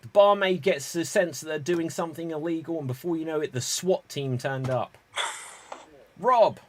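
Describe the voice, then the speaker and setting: A man's voice: fairly high pitch, moderate pace, noisy background. A man hosting an improv pun game, telling jokes and calling on players by name. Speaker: improv host.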